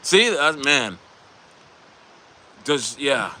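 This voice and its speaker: A man's voice: medium pitch, very animated, drawn-out words, sharp tone. A man hosting a casual crypto livestream, bantering and joking loosely with viewers in the chat. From United States.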